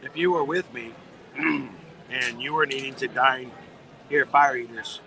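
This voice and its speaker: A man's voice: mid-range voice, unhurried, gravelly, bright, forceful tone. A man hosting a casual livestream outdoors at a theme park, chatting with viewers while losing his voice. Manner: chatty, thanks viewers for tips. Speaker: livestream host. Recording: noisy outdoor park ambience.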